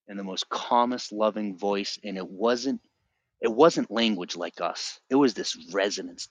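A middle-aged man sharing his personal religious testimony on a podcast, earnest and vivid, often halting and restarting his sentences. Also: fairly low pitch, bright, forceful tone, husky, no echo.

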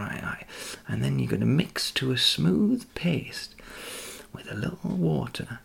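A man in a home kitchen talking through a drink recipe in a soft, chatty, giggly whisper, with cutlery and dishes clattering. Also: medium pitch, very animated, moderate pace, vocal fry, slight background noise. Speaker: ASMR creator. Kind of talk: whispered ASMR cooking demo. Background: cutlery and dish clatter.

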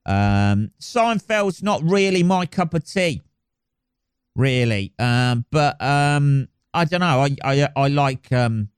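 A man's voice: medium pitch, expressive, takes it slowly, smooth, no room sound, clean studio sound. A man hosting a solo podcast, rambling and swearing with lots of ums and restarts. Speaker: podcast host.

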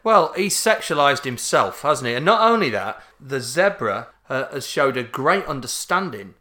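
A man co-hosting a comedy podcast, trading dry, deadpan quips. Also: mid-range voice, normal speed. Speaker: podcast co-host. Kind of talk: crude comedic banter.

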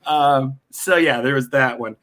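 A man's voice: mid-range voice, a little slow. A man, a comedian guest, telling stories from his career with lots of laughing in a podcast interview. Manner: animated, laughing storyteller.

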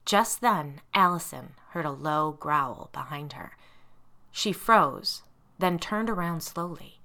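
A woman narrating a scary children's story in an expressive storytelling style. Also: deep voice, takes it slowly, gravelly.

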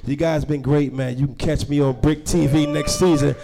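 A young man doing a stand-up comedy set, telling stories loudly and acting out the characters he describes. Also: a little high, moderate pace, gravelly, noisy background. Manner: loud animated storytelling, acting out characters.

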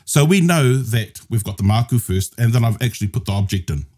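Husky New Zealand man explaining grammar. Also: mid-range voice, animated, fairly quick, darkish tone. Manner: explanatory, mixes Māori and English. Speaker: guest language teacher. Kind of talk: casual podcast lesson.

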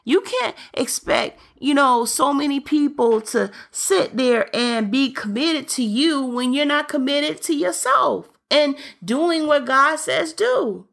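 A woman delivers a sermon with earnest, direct urgency. Her voice sits a little high and has a gravelly fry running through it. She presses her listeners with pointed questions. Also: expressive, slow, few pauses, a bit bright. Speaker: preacher.

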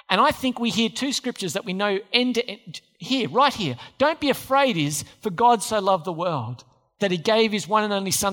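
A man's voice: high voice, a bit bright, in a large hall. A man preaching a sermon as pastor, emphatic and repeating key phrases. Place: church.

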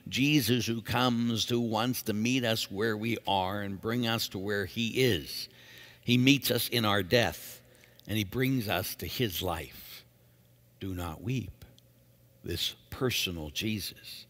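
A very deep-voiced priest reads scripture with a solemn, measured delivery, then preaches earnestly. His voice rings out with a long church reverb. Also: a bit bright. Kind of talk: liturgical reading and homily.

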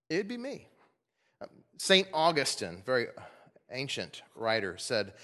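Animated male preacher in a reverberant hall. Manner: animated, swings from emphatic highs to soft low asides. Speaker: pastor. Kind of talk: sermon. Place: church sanctuary.

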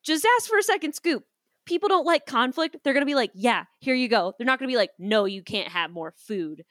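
A woman co-hosting a podcast in casual chat, telling animated stories and acting out the people in them, with some casual swearing. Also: a little high, brisk, no room sound, clean studio sound. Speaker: podcast co-host.

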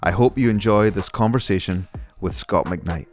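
A man with a Scottish accent, hosting a podcast and interviewing a guest in a measured, earnest way. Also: low voice, over music. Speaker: podcast host. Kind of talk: scripted intro then casual interview.

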